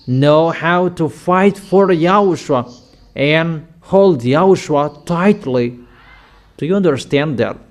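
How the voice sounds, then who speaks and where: Man, preacher, sermon, unhurried delivery, somewhat high voice, emphatic repetition. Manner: slow, emphatic declarations with frequent repetition.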